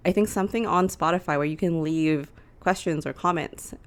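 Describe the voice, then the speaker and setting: A young woman talks casually as a podcast co-host, her voice sitting low for a woman. She is chatty and laughs often, recorded in a small living room. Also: a little fast. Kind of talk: casual chat.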